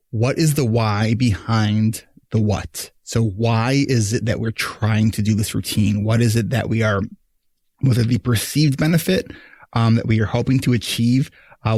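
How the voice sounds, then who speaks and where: A man's voice: fairly low pitch, darkish tone, no echo. A man hosting a podcast, giving advice in a loose conversational way, often asking "right?". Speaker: podcast host. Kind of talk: casual advice chat.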